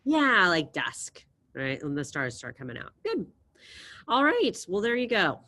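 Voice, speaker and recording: A woman with a fairly low voice teaches a class online, speaking into a computer mic. She encourages her students and drills verb endings aloud with them, plain and patient. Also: sing-song, unhurried, sharp tone. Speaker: Spanish teacher.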